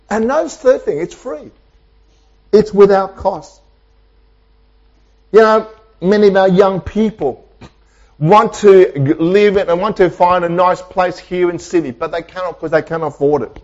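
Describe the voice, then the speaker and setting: A man's voice: high voice, a little mellow. Emphatic preaching man, dull lo-fi sound. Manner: emphatic preaching with repetition and dramatic pauses. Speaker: pastor. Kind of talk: sermon. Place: church with online Zoom audience.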